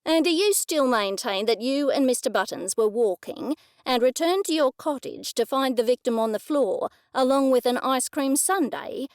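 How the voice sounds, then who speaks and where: A woman's voice: high-pitched, lively intonation, moderate pace, few pauses, clear, resonant tone, no echo. A woman narrator voicing a stern middle-aged male police detective, probing and accusing in a dry manner.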